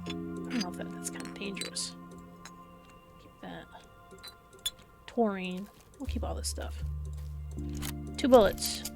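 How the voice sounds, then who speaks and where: A woman's voice: medium pitch, unhurried, creaky, pauses often, loud music behind the voice. A woman streaming a video game, chatting as she plays, thinking aloud and reading the game's dialogue out. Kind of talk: live gameplay commentary.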